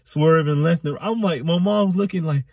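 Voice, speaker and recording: A man's voice: fairly high pitch, moderate pace, no echo, studio quality. A young man rambling through a storytime vlog, repeating himself and dropping slang as he goes. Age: young adult. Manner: animated, rambling, repetitive slang. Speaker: vlogger.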